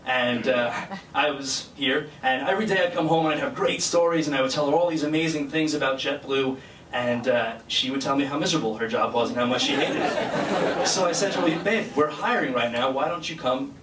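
A man's voice: medium pitch, normal speed, a bit bright. A man giving a personal speech at a graduation ceremony, telling an earnest, chatty story and laughing along the way. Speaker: guest speaker, flight crew member. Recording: distant mic in echoey hall, noisy.

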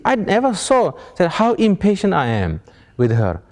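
A man's voice: high-pitched, wildly swooping pitch, normal speed, a little mellow. A man giving an informal meditation teaching in plain non-native English, asking rhetorical questions and chuckling as he tells stories. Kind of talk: informal spiritual teaching to an audience.

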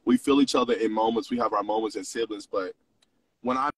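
A man's voice: lowish voice, fairly even intonation, fairly quick, breathy edge, no echo, far from the mic, low-quality recording. A young man in his twenties hosting a livestream, mixing mock preaching with profane, confessional casual talk. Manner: profane, preachy, swings between teasing and confessional. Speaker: livestream host.

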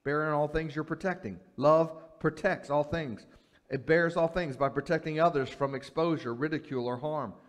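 A man's voice: fairly high pitch, moderate pace. Man teaching scripture to a women's group. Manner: repeats key phrases, frequent "okay?" and restarts. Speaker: pastor teaching a women's Bible study. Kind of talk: conversational Bible teaching.

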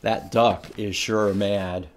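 Against a noisy background, a man with a lowish voice reads a picture book slowly to kids at library storytime. He keeps it animated, putting questions to the children and doing animal sounds.

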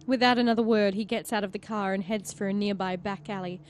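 A woman reading a story game aloud as its narrator, expressive and with giggly asides. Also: medium pitch, fast, slight background noise. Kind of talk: narrating a visual novel playthrough.

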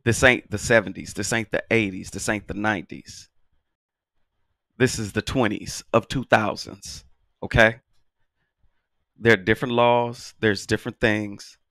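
A man's voice: on the low side, fairly even intonation, unhurried, creaky, pauses often, pushed and bright, dry recording. A man giving parenting advice in a casual monologue, emphatic and folksy, repeating phrases for stress. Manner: folksy, talks straight to viewers.

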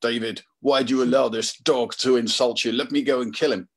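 Preacher doing a hot-tempered commander, loud and pressing, husky edge. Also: male voice, mid-range voice, fairly even intonation, a little fast. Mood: urgent.

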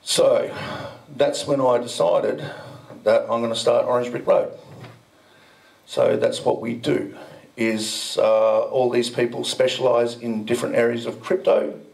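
At an indoor event venue, a crypto business founder tells the audience a story in a loose, chatty way, wandering into asides and swearing mildly. His mid-range voice is steady and a little mellow, with vocal fry and a measured pace. The recording is distant and poor.

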